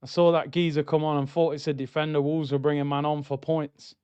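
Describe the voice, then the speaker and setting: Guy on a footy watchalong stream, high voice, smooth, flips between shouting and grumbling. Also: brisk, no room sound, dull audio. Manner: excitable, shouts at goals, then grumbles and reads comments. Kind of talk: live match reaction with chat reading.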